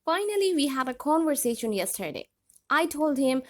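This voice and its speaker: A woman hosting an online English vocabulary lesson, explaining words in a clear, friendly way. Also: high voice, sing-song, normal speed. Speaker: English vocabulary teacher, channel host.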